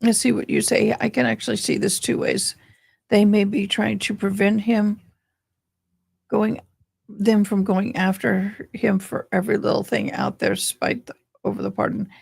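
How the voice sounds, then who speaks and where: A tired, grieving woman hosting a casual livestream chat, talking slowly with frequent pauses and ums. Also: mid-range voice, little pitch movement, gravelly, darkish tone, slightly rough. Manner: slow, meandering, with frequent ums. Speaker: livestream host.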